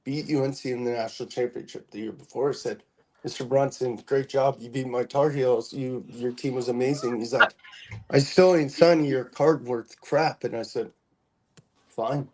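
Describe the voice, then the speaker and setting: Guy with a mellow dark voice, easygoing storyteller. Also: mid-range voice, fairly even intonation, normal speed, low-quality recording. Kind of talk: casual convention chat.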